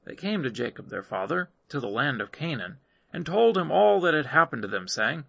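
A man reading scripture aloud in measured narration. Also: a little high, sing-song, vocal fry, a bit bright, breathy edge, no echo. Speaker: scripture reader.

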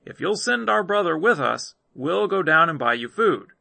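A man's voice: on the high side, very animated, normal speed, creaky, pushed and bright, voice pushed up, exaggerated voice. A man reading aloud, voicing a resolute grown son who earnestly persuades his father.

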